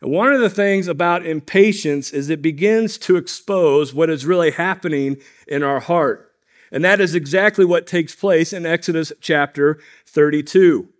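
A male pastor preaching a sermon to his congregation in a conversational, storytelling manner. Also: sits high.

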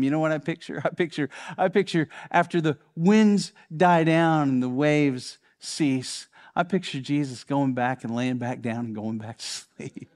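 A man preaches a sermon in a high voice. He talks with fervor and circles back over phrases to drive them home. He swings from urgent bursts down to a low, intimate hush. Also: steady tone, unhurried, few pauses. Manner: impassioned, repeats phrases for emphasis, drops to a hush. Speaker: pastor.

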